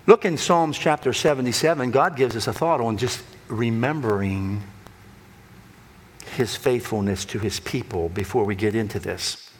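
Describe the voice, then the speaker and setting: A man preaching a sermon, swinging between loud emphatic lines and hushed low ones. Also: moderate pace, slight background noise. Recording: long hall reverb.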